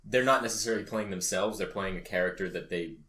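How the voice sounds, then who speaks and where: A man's voice: deep voice, fast talker, over a noisy crowd. A man co-hosting a casual gaming podcast, thinking aloud and hedging with lots of filler. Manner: thoughtful, hedging, lots of likes. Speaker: podcast co-host.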